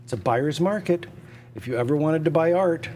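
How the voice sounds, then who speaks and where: Male livestream auctioneer, slightly high voice, hard-selling patter full of restarts. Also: animated, moderate pace, warm tone, slight background noise. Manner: repetitive, pushy salesman patter with stammered restarts. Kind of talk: live online auction sales pitch. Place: indoors at a computer.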